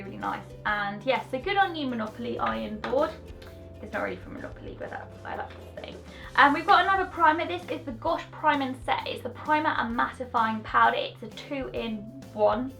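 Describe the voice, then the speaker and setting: A woman's voice: on the high side, a bit bright. A young woman chatting bubbly and casually as a beauty vlogger, drifting off on tangents. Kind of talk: casual product review chat.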